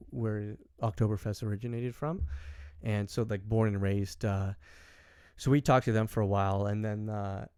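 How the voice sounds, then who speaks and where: A young man from Canada telling a story in casual podcast chat, rambling with many fillers and animated quoting. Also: on the low side, clean tone, dry recording, clean studio sound. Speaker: podcast host.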